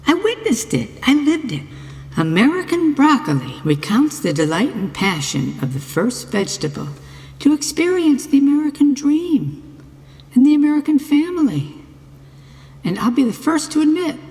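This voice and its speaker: A woman's voice: fairly high pitch, a little mellow, in a large hall. A woman reading a scripted comic monologue in a mock-earnest, playful way. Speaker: narrator of a mock book trailer.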